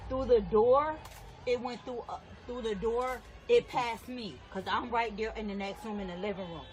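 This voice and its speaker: A woman with a somewhat high voice talks in a casual, emphatic way outdoors, circling back over the same points again and again. Her delivery is loose and conversational. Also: fairly even intonation, normal speed. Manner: repetitive, emphatic retelling. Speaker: local resident.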